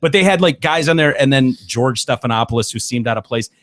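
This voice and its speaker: A man's voice: medium pitch, animated, fast talker. A man co-hosting a podcast, chatting bluntly about sports and TV, often swearing and ranting. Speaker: podcast co-host. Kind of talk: casual sports chat.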